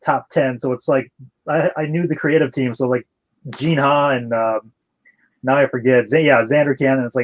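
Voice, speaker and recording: A man's voice: medium pitch, steady tone, normal speed, low-quality recording. A man hosting a casual stream chat, reminiscing in a hesitant, filler-heavy way.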